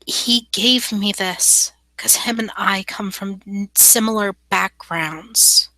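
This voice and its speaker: A woman voicing a gentle, earnest young woman knight, speaking slowly and softly. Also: medium pitch, dry recording, rough recording.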